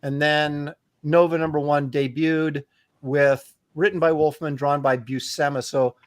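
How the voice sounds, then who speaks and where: Male co-host, fairly high voice, needling friends casually. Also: flat delivery. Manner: teasing, quick interjections. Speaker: co-host artist. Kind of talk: casual banter.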